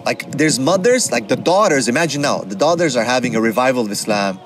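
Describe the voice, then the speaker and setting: A man's voice: medium pitch, lively intonation, fairly quick, few pauses, soft background music. Man giving a casual religious talk. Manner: conversational, often asks "right?", mixes Arabic terms. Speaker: Islamic speaker and counselor.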